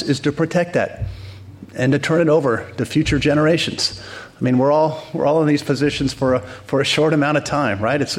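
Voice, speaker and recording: Man, mayor type, upbeat conference welcome, light jokes, some restarts, mid-pitched voice. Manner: upbeat, joking asides, frequent restarts. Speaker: mayor giving welcome remarks. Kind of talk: conference speech.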